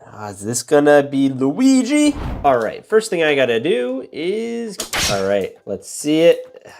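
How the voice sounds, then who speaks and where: Chatty excitable man building toys. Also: unhurried, vocal fry, slight background noise. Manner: chatty, excitable, jumps up in pitch. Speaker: toy unboxing host. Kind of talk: casual build commentary.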